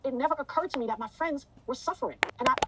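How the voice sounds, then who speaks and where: Rapid-fire fervent woman telling her story. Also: high-pitched, noisy background. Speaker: interview guest. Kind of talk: emotional interview testimony.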